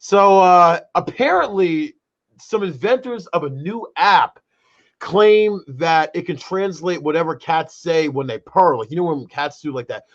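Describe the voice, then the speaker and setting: A man co-hosting a casual chat show, animated and rambling, leaning on fillers like "though" and "brother". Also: a little high, a little slow. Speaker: co-host. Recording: dull lo-fi sound.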